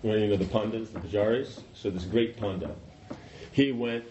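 A man's voice: fairly low pitch, moderate pace, muffled recording, background noise. A man teaching an informal class, rambling and conversational, often saying "you know".

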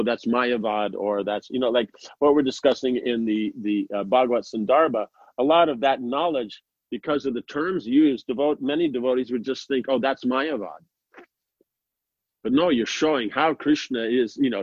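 A man's voice: mid-range voice, dry recording. A man, a sannyasi teacher, giving an informal spiritual talk, rambling with many fillers and restarts and quoting others in mock voices. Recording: dry, muffled lo-fi sound.

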